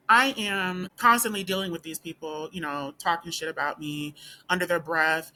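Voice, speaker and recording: A woman student talking straight to camera in a casual vlog, emphatic and full of rhetorical questions, with a voice that is not deep. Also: sharp tone, slight background noise. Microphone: camera or phone facing speaker.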